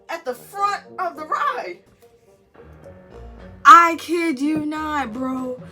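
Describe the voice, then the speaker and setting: A young woman tells a wild story straight to camera, slipping into the voices of everyone in it. Her voice is bright and swings widely in pitch. Faint music plays behind her. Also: unhurried. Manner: animated storytelling, acting out voices. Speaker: vlogger. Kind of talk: storytime vlog.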